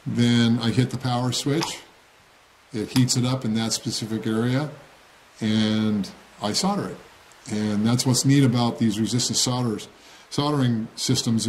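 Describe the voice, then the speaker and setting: A man at a middle pitch explains a hobby project step by step in a relaxed tutorial manner. He keeps things plain-spoken and often pauses to ask "okay?". A faint hiss of noise sits under the recording. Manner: plain-spoken, frequent "okay?" check-ins. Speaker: model railroad hobbyist demonstrating. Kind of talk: casual how-to tutorial.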